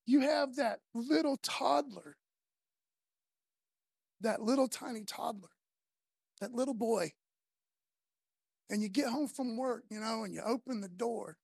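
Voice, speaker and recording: A woman preaching a sermon, emphatic and repetitive, building from quiet to loud and passionate. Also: on the high side, gravelly, slightly rough, dry recording, clean studio sound.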